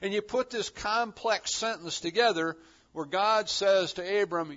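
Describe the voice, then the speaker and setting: A man preaching a sermon, acting out the voices of God and his listeners with lively emphasis. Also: high-pitched, moderate pace, dull audio.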